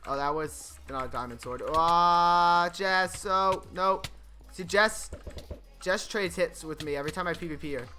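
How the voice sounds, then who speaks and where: A man streaming gameplay, chatting casually, getting excited and laughing often. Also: high voice, unhurried, faint music behind. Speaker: gaming streamer. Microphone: desk microphone.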